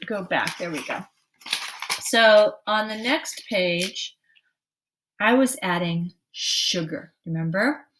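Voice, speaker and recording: A woman teacher giving a slow, patient early-literacy lesson, stretching out word sounds clearly for young children. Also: mid-range voice, fairly bright tone, a little hiss or hum.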